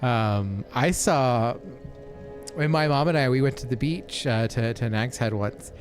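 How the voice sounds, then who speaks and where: A man's voice: medium pitch, unhurried, faint music behind. A man co-hosting a game let's play, telling long rambling stories full of fillers and asides. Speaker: co-host. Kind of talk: casual chat over gameplay.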